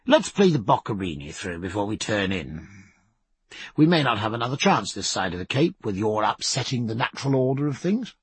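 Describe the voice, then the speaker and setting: Guy doing a hearty old-school sea captain, gruff low husky voice, storybook reading. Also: big pitch swings, a little fast, dry recording, exaggerated voice. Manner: lower, gruff delivery than the narration. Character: hearty male sea captain, keen and bold.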